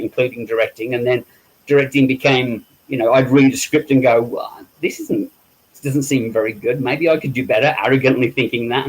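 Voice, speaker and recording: A man's voice: mid-range voice, low-quality recording. A middle-aged man from England, a guest in a casual interview who tells anecdotes, acts out quoted voices and laughs at himself. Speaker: interview guest, makeup effects artist.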